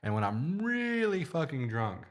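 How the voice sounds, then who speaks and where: A man's voice: on the high side, very animated, a little slow. A young man from Indiana with a Midwestern accent, co-hosting a casual podcast, blunt and swearing, with a slight stutter. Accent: Midwestern American. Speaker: podcast co-host.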